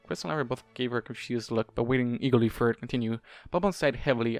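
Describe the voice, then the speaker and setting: A man narrating a fan fiction audiobook in a steady, plain storytelling manner. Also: medium pitch, racing, hardly any pauses, no room sound. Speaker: audiobook reader. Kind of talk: scripted narration.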